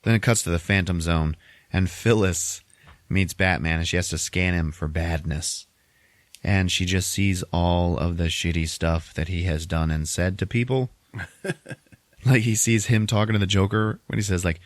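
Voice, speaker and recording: Deep-voiced man laughing through a recap. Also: dry recording. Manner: laughs often, quick quoted voices. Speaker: podcast host. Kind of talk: casual movie recap.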